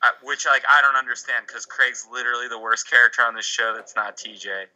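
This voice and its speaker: A man's voice: medium pitch, steady tone, fast talker, very noisy. A man co-hosting a podcast, chatting casually about a TV show with lots of restarts and blunt swearing. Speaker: podcast co-host. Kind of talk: casual chat recapping a TV show.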